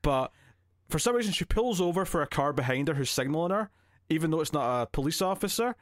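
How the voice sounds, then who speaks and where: A man's voice: on the high side, fast, dry recording, clean studio sound. A man co-hosting a podcast, chatting casually about a film and acting out scenes as he retells them. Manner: animated retelling, acts out scenes in quoted voices. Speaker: podcast co-host. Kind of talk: casual film review chat.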